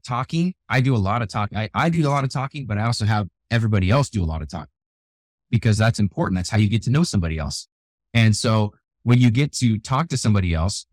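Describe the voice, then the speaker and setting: An older man with gray hair, a youth keynote speaker, telling animated stories in a radio interview. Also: fairly low pitch, dry recording. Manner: energetic, animated storyteller who acts out quotes. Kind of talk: storytelling interview talk. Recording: dry close sound, radio show.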